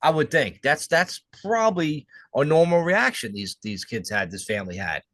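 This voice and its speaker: A man's voice: on the high side, sing-song, moderate pace, a bit bright, dry recording. A young man co-hosting a podcast, musing and speculating in casual chat, swearing freely. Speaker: podcast co-host.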